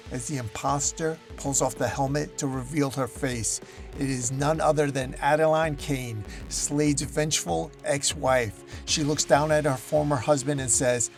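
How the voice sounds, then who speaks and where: A man's voice: medium pitch, steady tone, normal speed, vocal fry, faint music behind. A man hosting a comic book channel, narrating a story recap with dramatic emphasis.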